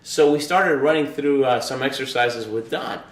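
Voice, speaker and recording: A man's voice: mid-range voice, normal speed. A man in his thirties, an Olympic luge athlete, telling a personal story in a loose, conversational way with repeated words and fillers. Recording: roomy, distant mic with faint ambience.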